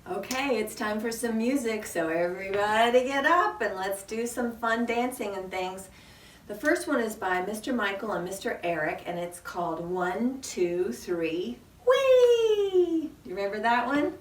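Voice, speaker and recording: A woman's voice: mid-range voice, moderate pace, slight background noise. A woman reading picture books aloud at a children's storytime, making animal sounds and asking the young listeners questions. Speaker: children's librarian.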